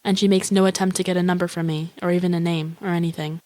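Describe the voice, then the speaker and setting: Woman playing a young woman, morbid inner monologue, deadpan, monotone, profane, self-absorbed, film voice-over. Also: fairly low pitch, quick pace, dry recording, natural voice. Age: young adult. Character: lonely, grandiose, morbid young woman wishing for a shark.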